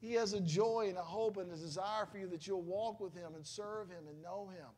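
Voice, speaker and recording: A man's voice: high-pitched, brisk, a little mellow, a little hiss or hum. A middle-aged man, a pastor, preaching a sermon in a conversational, emotional storytelling manner with exclamations.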